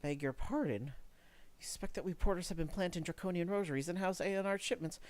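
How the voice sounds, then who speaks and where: A man's voice: high-pitched, fast, pitched above the performer's own voice, close to an everyday voice. A man voicing a defensive, offended porter while reading game dialogue aloud. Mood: indignant. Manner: huffy, offended.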